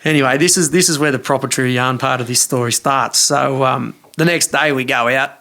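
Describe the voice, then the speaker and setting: An Australian man telling a fishing yarn as a podcast guest, lively and full of broad slang. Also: mid-range voice, fairly quick. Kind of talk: casual storytelling.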